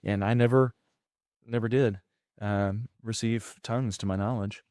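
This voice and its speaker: A man's voice: lowish voice, fairly even intonation, measured pace, a little mellow, smooth, no room sound, clean studio sound. A man telling a long personal story in casual chat, with many restarts and fillers. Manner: rambling, frequent restarts and fillers.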